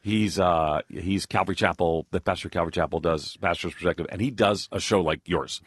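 A man, a radio host, bantering and teasing his colleague on air with sudden jumps in pitch. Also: a little fast, slightly rough, dry recording, clean studio sound.

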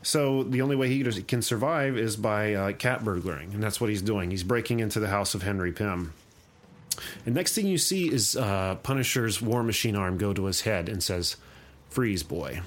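A man hosting a casual chat show, retelling a story in a long-winded, animated way. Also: lowish voice, moderate pace.

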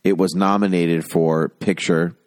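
A man's voice: deep voice, flat delivery, unhurried, darkish tone, no echo. A man co-hosting a casual film chat, dry and teasing, laughing at his own jokes. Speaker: podcast co-host. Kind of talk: casual chat about films.

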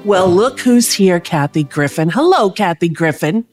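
A woman's voice: fairly low pitch, animated, a little slow, music in the background. A woman hosting a podcast in casual chat, rambling with lots of fillers and restarts. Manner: enthusiastic when introducing a guest. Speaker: podcast host.

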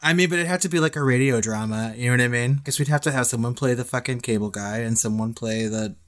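A man's voice: medium pitch, fast talker. A man co-hosting a podcast in casual banter, giggling, swearing freely and trailing off mid-sentence. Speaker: podcast co-host.

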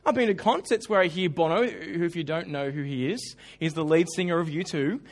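Guy with a pretty high voice preaching, chatty and animated, cracks little jokes as he goes. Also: a little fast. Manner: animated storytelling with humorous asides. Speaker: pastor. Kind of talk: sermon.

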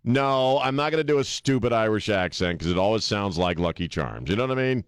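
A male talk radio host with a low-pitched voice and a blunt, irreverent, joking way of talking. He takes calls and riffs on the news. The sound is close and dry, with no room in it. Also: lively intonation, fairly quick, clean tone, no echo. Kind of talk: talk radio monologue and call-in.

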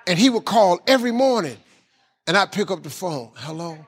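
A man tells a motivational story in a husky, fairly high voice. His delivery is animated and folksy, with loose, casual grammar. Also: brisk. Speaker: guest speaker.

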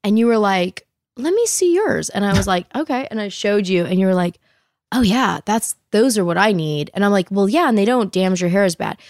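A woman in her thirties chatting casually, telling lively stories full of "like" and acting out what people said. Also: mid-range voice, brisk, no echo, clean studio sound. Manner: animated storyteller, heavy "like", acts out quotes. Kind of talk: casual chat.

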